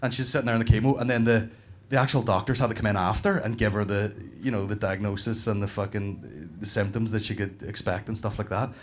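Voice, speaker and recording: A man's voice: on the low side, fast. A man in his thirties with a Northern Irish accent, doing a stand-up comedy set on a comedy club stage and telling stories with plenty of swearing. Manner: swearing, animated storytelling.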